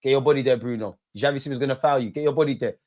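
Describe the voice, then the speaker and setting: A young man doing a live football watch-along, shouting at players and the referee in slangy banter. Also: mid-range voice, racing, noisy background.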